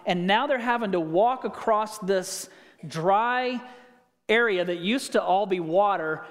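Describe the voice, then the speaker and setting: High-voiced male pastor in a reverberant hall. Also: animated, a little slow. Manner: storytelling with rhetorical questions. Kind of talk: sermon.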